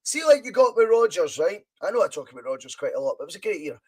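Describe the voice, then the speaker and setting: A Scottish man hosts a live football watch-along podcast, chatting in a rambling way and reading viewer comments aloud. His voice is high-pitched and sing-song with a breathy edge, and he speaks fast.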